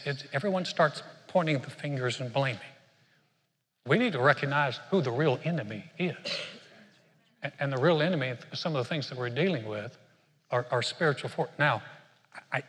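A man's voice: medium pitch, fairly bright tone, long reverb tail. An older man preaching a sermon in a conversational way, often repeating words as he restarts his sentences. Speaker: pastor.

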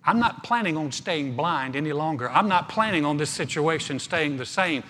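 A man voicing a desperate blind beggar man who shouts his pleas for help. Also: a little high, animated, moderate pace, big-room sound. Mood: determined. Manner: loud pleading shouts.

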